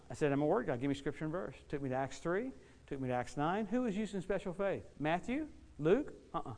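A man preaching a sermon, telling stories in a folksy, animated way, often repeating words as he gets excited. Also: a little high. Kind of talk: storytelling sermon.

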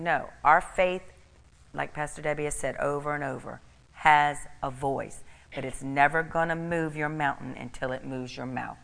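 A woman's voice: deep voice, moderate pace, vocal fry, a bit bright, in a large hall. A middle-aged woman preaching a sermon, emphatic and repeating key phrases for stress.

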